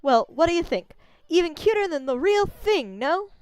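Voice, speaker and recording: A woman voicing a tiny, cocky male wandering artist who brags loudly and gets excited fast, reading game dialogue aloud. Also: very high voice, no room sound, pitched above the performer's own voice. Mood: brash. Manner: brash, bragging, excitable.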